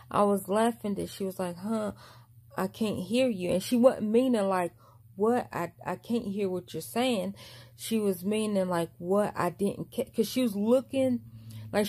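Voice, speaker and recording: A young woman tells a long personal story in a casual vlog, rambling, mumbling and restarting often. Her voice is mid-range with a dark tone.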